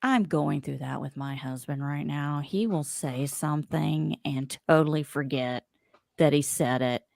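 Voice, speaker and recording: A woman's voice: low voice, a little slow, creaky, a little mellow, no echo, studio quality. Chatty woman podcast host. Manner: rambling and chatty, with many fillers. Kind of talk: casual chat.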